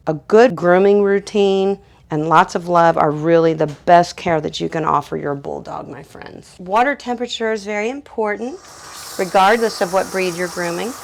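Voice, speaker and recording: A professional pet groomer, a woman, explaining dog grooming in a calm teaching manner and coaxing the dog softly. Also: lowish voice, gravelly. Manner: calm instructive talk to viewers, soft coaxing to the dog.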